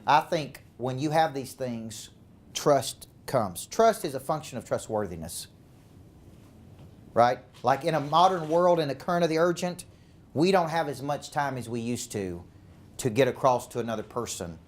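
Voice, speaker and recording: A man's voice: mid-range voice, expressive, moderate pace. A man with a Southern accent from Tennessee, speaking as a sales coach to a sales team, emphatic and fond of rhetorical questions. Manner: emphatic, repeats words, asks rhetorical questions.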